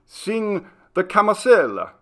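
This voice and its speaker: Male narrator playing a foreign tourist, pushy and shrill, calling out loud requests in a storybook reading, high and strained. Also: sing-song, takes it slowly, full character voice. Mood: insistent. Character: demanding foreign tourist shouting requests from a gondola.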